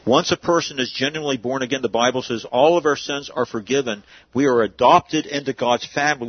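Husky-voiced man preaching conversationally. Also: medium pitch, no echo, dull audio. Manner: conversational preaching, asks and answers his own questions. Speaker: pastor. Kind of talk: sermon.

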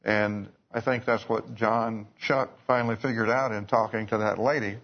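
A man's voice: fairly low pitch, steady tone, moderate pace. A man preaching a sermon, telling stories in a folksy way with restarts and asides. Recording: dull lo-fi recording.

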